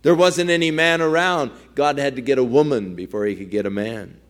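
Male preacher, sermon, earnest storytelling, acted-out quotes, mid pitch. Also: brisk. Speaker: pastor.

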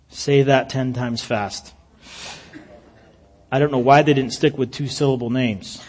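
A man's voice: medium pitch, fairly even intonation, unhurried, pauses often, breathy edge. A man preaching a sermon, reading scripture aloud with emphatic rises and falls and dry humorous asides. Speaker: pastor.

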